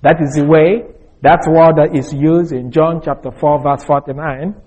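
A man with a somewhat higher, husky voice teaches scripture verse by verse. He speaks deliberately, explaining word meanings and restating each main point. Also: fairly even intonation, dark tone, rough recording. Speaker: Bible teacher.

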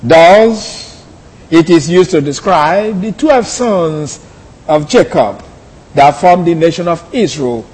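A man teaching a Bible lesson, deliberate and repeating key phrases. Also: fairly high pitch, animated, a little mellow, husky. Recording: long hall reverb.

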